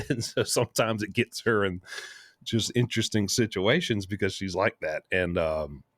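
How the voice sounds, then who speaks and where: A man's voice: lowish voice, normal speed, dry recording, studio quality. A man hosting a casual show, telling a long, rambling story with many asides. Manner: rambling, lively anecdote full of asides. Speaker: host.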